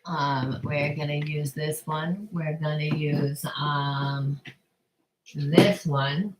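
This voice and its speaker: Lady doing a psychic card reading, kinda low voice, rambles, repeats herself, swears a bit. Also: fairly even intonation, very slow, noisy background. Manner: rambling, repeats words and restarts; blunt, swears casually. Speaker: psychic reader. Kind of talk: spiritual card-reading monologue.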